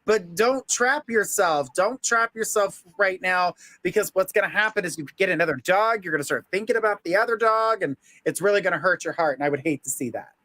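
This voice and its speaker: A man's voice: sits high, a little fast, few pauses, pushed and bright, no room sound. A man hosting a casual live psychic stream, upbeat and laughing often as he reads viewer comments aloud.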